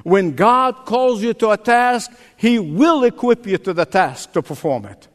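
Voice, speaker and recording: A man's voice: high-pitched, animated, a little slow. An older man preaching a sermon as pastor, emphatic and drawing responses from the congregation. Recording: long reverb of a large hall.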